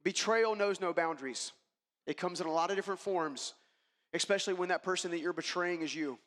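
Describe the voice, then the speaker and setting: High-voiced man giving a keynote in a hall. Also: a little fast, fairly bright tone. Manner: emphatic, addresses the audience directly. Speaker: keynote speaker. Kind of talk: motivational keynote storytelling. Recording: long reverb of a large hall.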